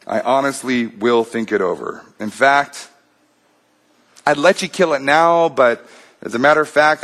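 A man's voice: medium pitch, fairly bright tone, voice pushed up, close to an everyday voice. A man voicing a tormented man who makes hesitant, stammering excuses to keep his vice.

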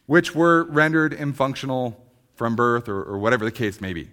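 A man preaching a sermon, swinging from emphatic, rising passages to quiet, slow stresses, often restarting on repeated words. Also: medium pitch. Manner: emphatic preaching, rising loud then dropping to hushed. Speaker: pastor.

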